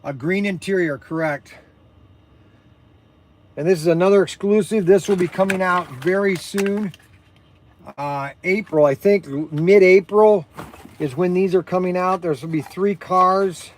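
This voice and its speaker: An energetic shop owner hosts a casual livestream about his shop's products, speaking in a high voice at a slightly slow pace. He rambles, with frequent fillers and self-corrections.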